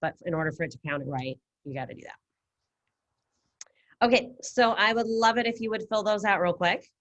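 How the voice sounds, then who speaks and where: A woman's voice: medium pitch, fairly quick, a bit bright. A woman teaching a Spanish class over a video call, casual and encouraging as she talks students through each step. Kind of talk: online class instruction.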